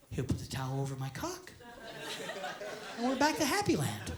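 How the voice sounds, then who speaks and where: A man, a stand-up comedian telling a story loudly and profanely on stage. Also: very high voice, huge pitch swings, a little fast, pauses often, a crowd in the background. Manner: loud, profane, often yelling. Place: theater stage before a live audience. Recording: live show with audience laughter.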